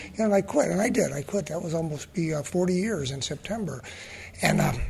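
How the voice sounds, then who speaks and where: An older man shares at a support group meeting, his voice heavy with gravelly fry and set fairly high. He talks bluntly and pokes fun at himself. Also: animated, brisk, slight background noise. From San Diego area, USA. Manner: blunt, self-mocking. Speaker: meeting speaker.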